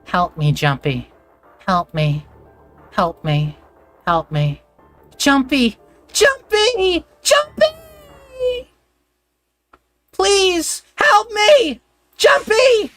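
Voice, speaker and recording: A woman's voice: sits low, steady tone, slow pace, pauses often, faint music behind. A woman voicing a terrified young woman trapped in a game, pleading desperately.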